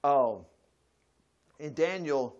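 Folksy high-voiced preacher. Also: male voice, expressive, drawn-out words, dull audio. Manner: folksy, swings from loud bursts to quiet asides. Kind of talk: sermon.

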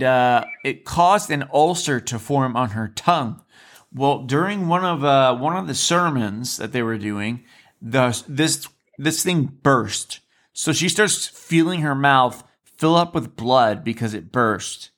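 A man's voice: mid-range voice, slow, a bit bright. A man telling stories on a podcast in a casual, earnest way, repeating himself and restarting sentences. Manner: earnest, repetitive, with frequent restarts. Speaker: podcast guest, former resident. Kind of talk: casual conversational storytelling.

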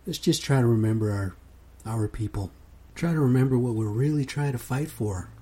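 A man's voice: medium pitch, moderate pace, dark tone, husky. A man hosting his own podcast in a laid-back, casual monologue, often ending sentences with "man". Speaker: podcast host.

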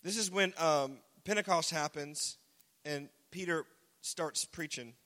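A man preaching a casual, joking sermon, now and then shouting single words for emphasis. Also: on the high side, unhurried. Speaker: pastor. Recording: long hall reverb.

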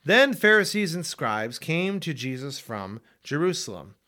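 Male Bible reader, expressive and measured, bright, animated delivery. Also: fairly high pitch. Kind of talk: scripture reading.

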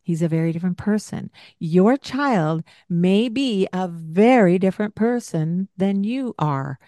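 An older woman hosting a parenting podcast, giving gentle coaching in a soft-spoken way and laughing often. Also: on the low side, animated, unhurried, no room sound.

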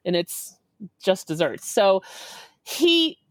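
Animated woman in her forties telling a story. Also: mid-range voice, takes it slowly, no echo, studio quality. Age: 40s. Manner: lively, acts out quotes, laughs often.

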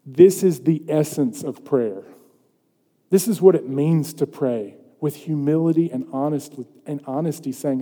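A man preaching a sermon, earnest, moving between loud emphatic passages and quiet, hushed ones. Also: on the high side, measured pace. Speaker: pastor. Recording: long hall reverb.

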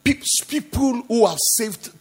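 A male pastor preaching an impassioned sermon, jumping between quiet asides and loud rebukes full of rhetorical questions. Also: extremely high pitch, lively intonation, slow pace, slightly rough.

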